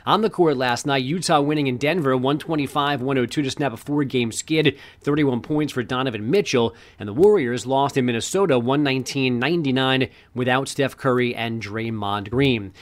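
A man reading sports headlines on a talk show, delivering them briskly with wry asides. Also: medium pitch. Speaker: sports news anchor.

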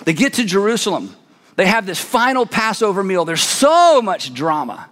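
A man preaching a sermon, retelling a story dramatically and dropping to a hush for emphasis. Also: high voice, very animated, normal speed, in a large hall. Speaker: pastor.

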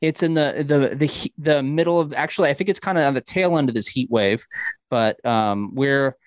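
A man hosting a casual chat, upbeat and quick to chime in. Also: mid-range voice, no room sound. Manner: lively, upbeat interjecting. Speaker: host. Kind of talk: casual video-call chat.

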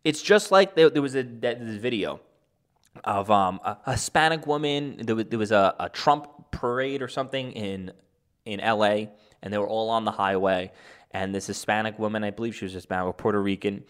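A man's voice: on the low side, a little fast, clean tone. A man giving opinion commentary in a sarcastic, rambling way, chuckling often. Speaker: political commentator.

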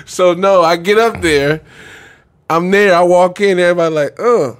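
A man's voice: high voice, normal speed, smooth, no room sound. A man in his thirties, a former pro basketball player, telling a long casual story as a podcast guest. He talks in slang and keeps saying "bro" and "swear to God.".

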